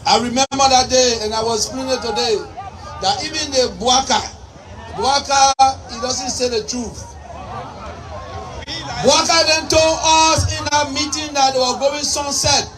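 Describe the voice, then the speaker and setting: A woman with a Liberian English accent giving a fiery campaign speech, shouting and firing off repeated rhetorical questions. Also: high-pitched, a little slow, over music. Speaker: politician. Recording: distant mic with faint crowd and noise.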